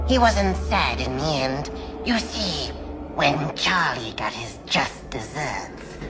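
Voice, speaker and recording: A man's voice: fairly high pitch, heavily acted. An actor playing a cackling undead male ghoul who hosts horror tales, with gleeful, punning, theatrical delivery. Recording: played clip with music behind.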